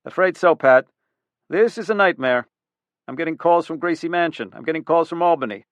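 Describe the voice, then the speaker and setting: A man voicing a gruff, blustering middle-aged police chief who snaps out his orders. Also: a little high, expressive, brisk, dry recording, voice pushed up, close to an everyday voice. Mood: exasperated. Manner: snappish, barking.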